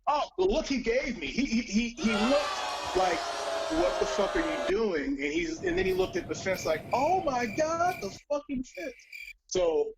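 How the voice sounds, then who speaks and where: A man casually telling a story on a live stream, profane and animated, acting out the voices of other people. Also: high voice, normal speed, background noise.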